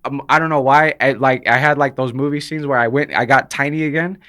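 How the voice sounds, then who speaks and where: A man in casual podcast chat, telling a story at a quick clip. He talks fast and acts out the voices of the people in his story. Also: medium pitch, steady tone, bright, forceful tone. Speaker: podcast guest, rapper.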